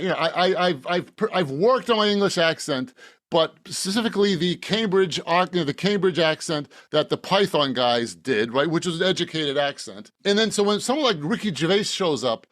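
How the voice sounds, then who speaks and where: A man's voice: a little high, lively intonation, brisk, fairly bright tone, dry recording. Rambling, joking man, dry close mic. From Boston, Massachusetts. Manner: rambling, joking, laughs often, frequent restarts. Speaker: author guest. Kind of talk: casual podcast interview.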